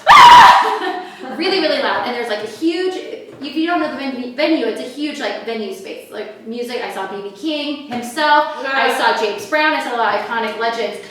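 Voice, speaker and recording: A woman from New Mexico performing a stand-up comedy set on a club stage, animated and acting out voices in her stories. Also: on the high side, fairly quick, few pauses. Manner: animated, acts out voices in dialogue. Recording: echoey club, far from the mic, crowd noise.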